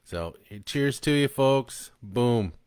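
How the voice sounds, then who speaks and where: A man's voice: mid-range voice, expressive, slow pace, a little mellow, clear, resonant tone, no echo, studio quality. A man, the author, reading his own book aloud after a casual, chatty introduction full of ums and uhs.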